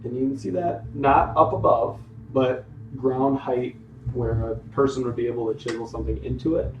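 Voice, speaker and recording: A man's voice: medium pitch, steady tone, normal speed, highs cut off, slight background noise. A man running a tabletop game as dungeon master, describing scenes at an easy pace and calling for dice checks. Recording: roomy sound from a distant mic.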